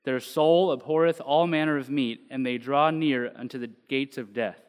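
A man's voice: medium pitch, steady tone, moderate pace, clean tone. A man preaching casually to a congregation, joking in asides before reading a psalm aloud. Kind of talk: casual sermon with scripture reading. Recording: long hall reverb.

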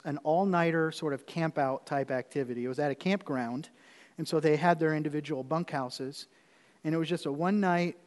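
A man's voice: fairly high pitch, darkish tone, clear, resonant tone, long reverb tail. A man preaching as pastor, telling a personal story in a conversational way with repeated phrases before moving into the sermon.

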